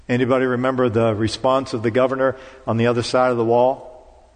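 Speaking briskly with little pitch movement, this mid-range-voiced pastor delivers a sermon in a church sanctuary. The hall's long reverb carries his dramatic recitation as it rises to commanding heights.

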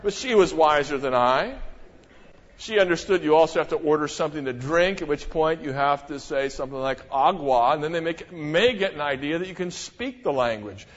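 A middle-aged man preaching a sermon as a pastor, talking in an animated way with many rhetorical questions and sudden emphasis. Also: a little high, moderate pace. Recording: dull, echoey church hall.

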